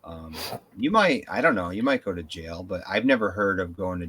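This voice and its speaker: Animated, bright-voiced man telling stories. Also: deep voice, a little fast, few pauses, husky. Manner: rambling, animated storytelling with profanity. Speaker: podcast co-host. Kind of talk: casual chat.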